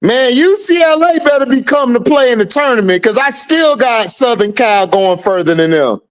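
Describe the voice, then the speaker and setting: A livestream host talking casually and loudly, teasing viewers and repeating taunts with bursts of laughter. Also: medium pitch, lively intonation, moderate pace. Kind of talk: casual livestream trash talk.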